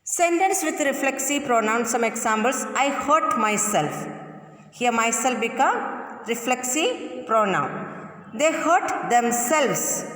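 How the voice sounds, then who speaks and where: A woman teacher giving a grammar lesson, repeating each example sentence slowly. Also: on the high side, lively intonation, fairly bright tone. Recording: echoey room with long reverb.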